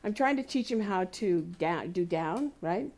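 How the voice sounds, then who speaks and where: A woman's voice: medium pitch, lively intonation, measured pace. A woman speaking at a spiritual community service, telling everyday stories in a conversational sermon with laughter and playful voices. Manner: warm anecdotal storytelling with laughs and playful quoted voices. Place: community center hall.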